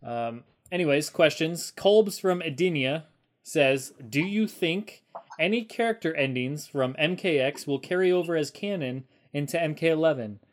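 A man's voice: a little high, expressive, moderate pace. A man hosting a casual gaming podcast, reading listener questions and arguing bluntly. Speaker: podcast host. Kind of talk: casual chat.

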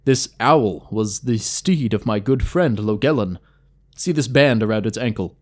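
A man voicing a solemn fantasy companion who speaks formally and gravely. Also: on the low side, expressive, a little slow. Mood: mournful.

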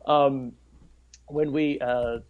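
A man's voice: mid-range voice, fairly even intonation, very slow. A man co-hosting a podcast, chatting casually and stumbling over restarts. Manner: chatty, many restarts and stammers. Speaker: podcast co-host. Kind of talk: casual chat. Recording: dull lo-fi audio.

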